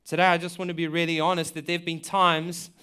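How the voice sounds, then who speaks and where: A pastor delivers a sermon in an earnest, conversational manner, his voice on the high side, level, sharp, and smooth at a fast pace. He poses questions to listeners and frequently repeats words as he thinks out loud.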